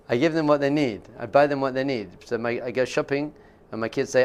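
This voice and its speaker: A man's voice: mid-range voice, fairly even intonation, normal speed, clear, resonant tone. A man teaching as a rabbi in an informal class, conversational and jokey, often laughing and acting out quotes.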